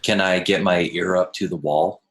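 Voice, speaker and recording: A man's voice: low-pitched, steady tone, normal speed, fairly bright tone. A man playing a priest character in a tabletop game, earnest and a little hesitant. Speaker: player.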